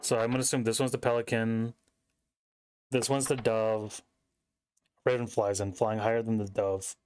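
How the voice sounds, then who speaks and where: A man's voice: on the low side, little pitch movement, moderate pace, a little mellow, no room sound. A young man streaming a game from home, thinking aloud in casual, rambling commentary as he reads puzzle text on screen.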